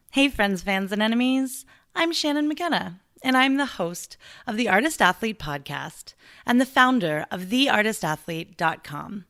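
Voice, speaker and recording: A woman hosting a podcast, reading a chatty, fast-paced intro and promo. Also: mid-range voice, fairly bright tone. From United States. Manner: chatty, upbeat, rushed. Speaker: podcast host.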